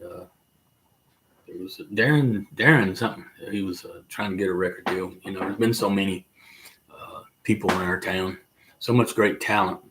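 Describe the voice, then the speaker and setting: Folksy low-voiced older Southern man. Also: a bit bright. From mountains of North Carolina. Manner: folksy, rambling, drawn-out fillers. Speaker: livestream host and musician. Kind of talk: casual chat to live viewers.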